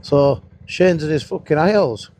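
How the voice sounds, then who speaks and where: Out on his motorcycle, a man in his thirties with a Northern English accent tells rambling stories, swearing as he chats for his motovlog. His fairly high voice is unhurried and a little mellow. The helmet-mounted action camera mic records wind and engine noise too.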